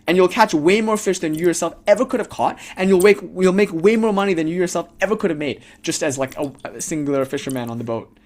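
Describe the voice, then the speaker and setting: A man's voice: sits high, fast talker, darkish tone, lightly acted. A man voicing a pushy middle-aged New York businessman who eagerly lectures and hands out advice.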